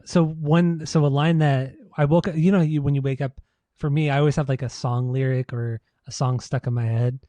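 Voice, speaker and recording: Mellow, rambling podcast co-host man. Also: mid-range voice, normal speed, no room sound. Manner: relaxed, rambling, filler-heavy. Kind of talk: casual chat.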